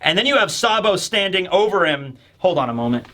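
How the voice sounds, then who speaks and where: A man giving casual, rambling commentary on a manga chapter, animated and full of fillers. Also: sits high, brisk. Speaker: manga reviewer.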